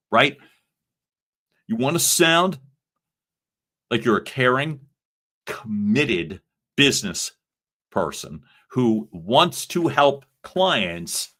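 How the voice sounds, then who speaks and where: A man's voice: mid-range voice, a bit bright. A man coaching salespeople on a live stream, talking with energy and emphasis and acting out sample phone lines.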